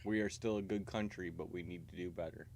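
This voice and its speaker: Man, very low voice, rambling and profane, casual video chat host, faint background hiss. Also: fairly even intonation, a little fast. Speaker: livestream host.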